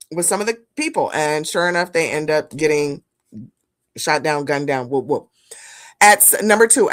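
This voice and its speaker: A woman streaming live, reacting to news clips and chatting with her viewers, blunt and profane, calling them "family". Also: lowish voice. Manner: animated, blunt, profane, talks to chat as "family". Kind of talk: live-stream commentary chat.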